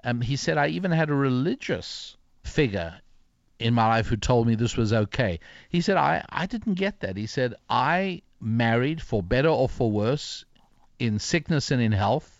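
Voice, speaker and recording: A man's voice: mid-range voice, lively intonation, normal speed, no room sound. Older man telling a story, dry muffled audio. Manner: reflective, many fillers and restarts. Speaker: author and guest. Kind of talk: interview storytelling.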